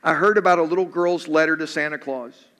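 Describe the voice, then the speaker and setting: A man's voice: fairly high pitch, brisk, a bit bright. A male pastor preaching a sermon in an earnest way, repeating questions for emphasis. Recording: echoey hall.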